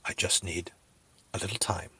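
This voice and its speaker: Give me a middle-aged man with a deep, husky voice, rambling through a joke story. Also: moderate pace. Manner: rambling, filler-heavy, deadpan, then sincere. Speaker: comedic video host.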